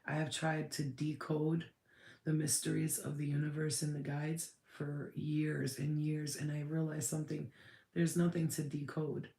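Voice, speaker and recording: A woman's voice: low voice, flat delivery, unhurried, creaky, dark tone, reverberant. A woman giving a casual channeled spirit reading, rambling and blunt, swearing freely.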